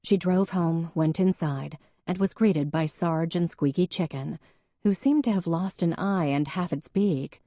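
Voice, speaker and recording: Low, mellow female audiobook narrator, measured and even, dry close mic. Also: no echo. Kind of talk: scripted narration.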